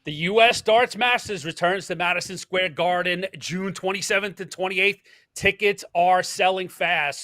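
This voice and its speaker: A man's voice: sits high, bright, forceful tone, dry recording. A man hosting a podcast in casual chat, upbeat and jokey, often repeating words as he starts a sentence. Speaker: podcast host.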